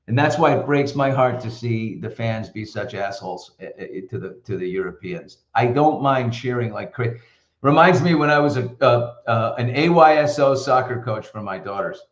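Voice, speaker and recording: A man's voice: medium pitch, moderate pace, lo-fi sound. Chatty man telling stories, echoey room. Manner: chatty storyteller, animated and opinionated. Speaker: host. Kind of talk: casual live show chat. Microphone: computer mic.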